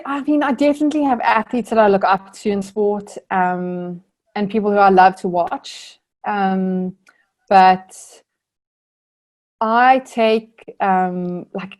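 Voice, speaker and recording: A woman's voice: medium pitch, steady tone, slow pace, a little mellow. A young woman from South Africa, an Olympic rower, answering interview questions in an earnest, reflective way with many fillers.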